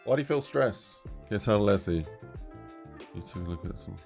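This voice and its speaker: Low gravelly man streaming. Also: lively intonation, moderate pace, a little mellow, faint music behind. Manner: rambling, thinks aloud, talks to chat. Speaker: streamer making a game map. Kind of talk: casual live-stream chat while working.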